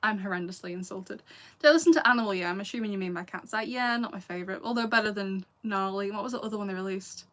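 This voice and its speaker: Talking very fast with few pauses, this woman has a mid-range, slightly bright voice. She's a late-twenties YouTuber from England, Lancashire-accented with a touch of Scouse. Her manner as she handles live chat questions is chatty and full of laughs and asides.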